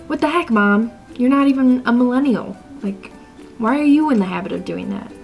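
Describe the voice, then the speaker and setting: A woman's voice: fairly high pitch, animated, normal speed, creaky, a little mellow, soft background music. A young woman vlogging about her pet peeves in a chatty, exasperated way, filling her talk with "like" and mock-quoting people. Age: young adult. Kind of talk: casual ranting vlog.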